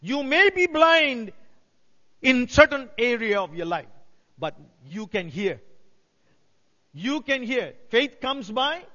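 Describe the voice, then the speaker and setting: Pastor guy, real high voice, slow deliberate preaching, dull recording. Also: sharp tone. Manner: preaching with rising emphatic cries. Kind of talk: sermon. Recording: dull sound in a reverberant hall.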